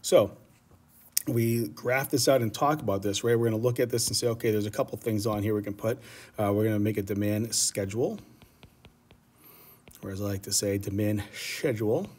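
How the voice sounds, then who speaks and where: Man, teacher, casual lecture, husky, lowish voice, checks in with "right?". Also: steady tone, fairly quick, a little mellow. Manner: casual, rambling explanation with frequent "right?" check-ins. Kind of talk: economics lecture.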